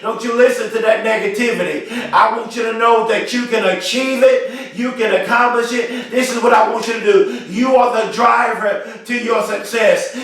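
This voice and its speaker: A man delivers a rousing motivational talk, hammering his points home through repetition in a preacher-like cadence. His voice sits very high for a man. He is recorded from some distance in a strongly echoing room. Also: fairly bright tone. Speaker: motivational speaker. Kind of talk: motivational speech to camera.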